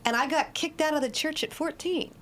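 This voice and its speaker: Podcast guest: woman in her 40s, blunt and lively storyteller with a salty tongue. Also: high-pitched, brisk, a little hiss or hum. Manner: blunt, lively storyteller who swears freely. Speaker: addiction specialist guest. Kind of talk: candid conversational storytelling.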